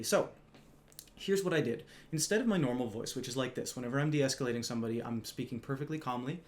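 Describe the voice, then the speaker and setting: A man's voice: medium pitch, fast, a little hiss or hum. Man, casual storytelling, wry, conversational, slightly smug, casual swearing. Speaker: retail store clerk telling a story.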